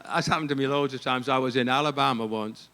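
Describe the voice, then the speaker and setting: An English man speaking at a ministry staff gathering, telling humorous stories in an animated, jokey way and laughing often. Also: mid-range voice, fast. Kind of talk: humorous storytelling talk.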